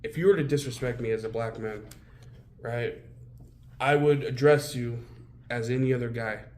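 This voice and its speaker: A man's voice: medium pitch, normal speed, a little mellow. A man as an interview guest, telling his own story bluntly and with heavy swearing. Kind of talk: candid personal storytelling.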